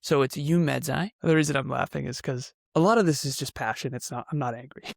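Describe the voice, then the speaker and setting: A man's voice: mid-range voice, fast talker, gravelly, no echo, studio quality. A man speaking as a guest on a podcast, emphatic and intense, pressing his points with rising force and the odd laugh. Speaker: podcast guest, company CEO. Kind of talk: passionate podcast conversation.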